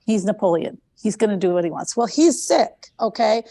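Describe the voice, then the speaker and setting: A woman hosting a conference talk, telling stories in an animated way and repeating phrases for emphasis. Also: medium pitch, moderate pace, vocal fry. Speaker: conference host.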